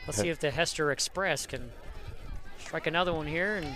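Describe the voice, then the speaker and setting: A man calling live softball play-by-play outdoors, with a playful, joking manner. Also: on the high side, moderate pace, crowd noise, background noise. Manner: playful, jokes about big words. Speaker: play-by-play commentator.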